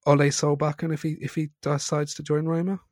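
A man's voice: on the high side, flat delivery, brisk, darkish tone, no room sound, clean studio sound. A British man hosting a podcast, chatting casually and rambling with apologetic digressions. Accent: British English. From Britain. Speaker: podcast host.

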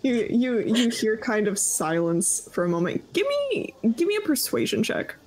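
A woman's voice: a little high, moderate pace, slight background noise, low-quality recording. Woman narrating as game master. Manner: relaxed, hesitant, many fillers.

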